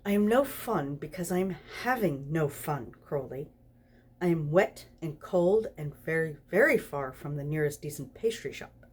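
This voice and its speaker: A woman's voice: sits low, lively intonation, normal speed, a little mellow, slightly rough. A tipsy woman voicing a fussy, prim male angel who complains petulantly.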